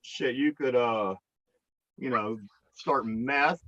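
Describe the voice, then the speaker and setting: A man's voice: mid-range voice, slow, fairly bright tone, no echo. A man co-hosting a casual podcast chat, teasing and rambling with repeated words, on a dull lo-fi mic. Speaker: podcast co-host.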